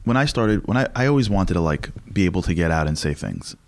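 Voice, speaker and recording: Fast, animated male lecturer. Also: low voice. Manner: animated, fast, with many restarts. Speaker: lecturer and guest. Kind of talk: conversational storytelling interview.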